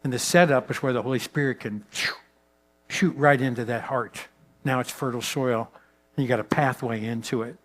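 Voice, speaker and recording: A man speaking at a pastors' conference in a mid-range voice. He tells stories with animated energy, jumping up in pitch and volume, then pulling back to a hushed, slow delivery to make a point. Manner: animated storyteller, swings pitch and loudness. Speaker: guest speaker. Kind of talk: leadership talk to pastors.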